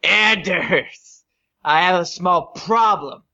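A man's voice: high-pitched, slow pace, creaky, pushed and bright, voice pushed up, heavily acted. A man voicing a lazy, scheming male crime boss who makes crude, blustering threats, on a dull lo-fi recording.

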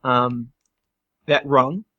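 A man's voice: medium pitch, steady tone, very slow. A man running a tabletop game in casual chat, laughing and thinking aloud, on a dull lo-fi recording. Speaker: game master.

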